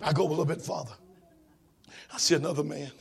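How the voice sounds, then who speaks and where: A preacher delivering a sermon, alternating rhythmic shouting with quieter storytelling in a raspy voice. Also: male voice, a little high, fairly even intonation, quick pace.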